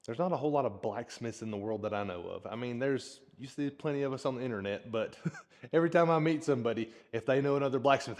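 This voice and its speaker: A man talks to his viewers in a relaxed, conversational way. He is earnest and encouraging as he reflects on his craft, with a voice of middling pitch. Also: fast. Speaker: blacksmith and channel host. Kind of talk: casual reflective vlog talk.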